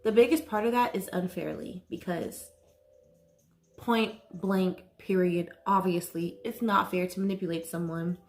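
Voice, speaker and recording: A woman vlogger talking to camera about mental health, nervous and slow, halting often and saying "like" a lot. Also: medium pitch, darkish tone. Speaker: wellness vlogger. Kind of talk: casual talk to camera.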